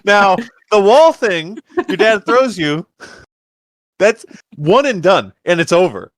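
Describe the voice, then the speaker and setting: A man's voice: high voice, takes it slowly, no echo. Man riffing animatedly on a movie. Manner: animated, acts out characters with jokey voices. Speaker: podcast co-host. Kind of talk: casual movie rewatch chat.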